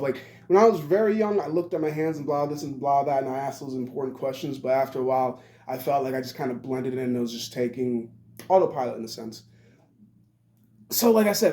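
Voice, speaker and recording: A man's voice: mid-range voice, warm tone. A man in his twenties giving a rambling monologue, blunt and profane. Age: 20s. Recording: roomy echo.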